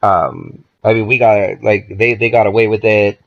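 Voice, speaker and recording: A man's voice: on the low side, normal speed, creaky. A man on a podcast as a guest, telling a long story in a casual, profane, rambling way. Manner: profane, laid-back, rambling with many "like"s. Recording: dull lo-fi podcast audio.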